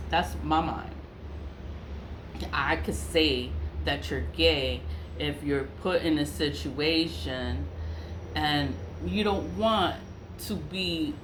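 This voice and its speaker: A woman telling a personal story in casual talk, animated and exasperated, repeating her phrases and laughing between lines. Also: low voice. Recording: echoey room with faint hiss.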